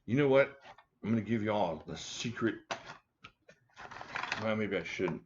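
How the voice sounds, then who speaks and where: Chatty low-voiced man hosting a live stream. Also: animated, a little slow, lo-fi sound, background noise. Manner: chatty, joking, talks to viewers by name. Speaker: live stream host reviewing knives. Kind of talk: casual live chat reading viewer comments. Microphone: desk mic at a home setup.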